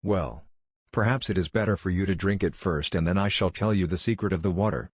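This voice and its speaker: A man voicing a calm, teasing male cat god with a scratchy voice in a read-aloud story. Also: deep voice, brisk, breathy edge, dry recording, studio quality.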